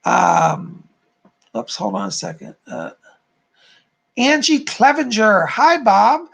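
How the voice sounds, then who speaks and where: Gravelly-voiced man giving psychic readings. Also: high voice, big pitch swings, takes it slowly, a bit bright. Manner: soothing, calls viewers darling and hon. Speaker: psychic medium host. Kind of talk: live-stream psychic readings.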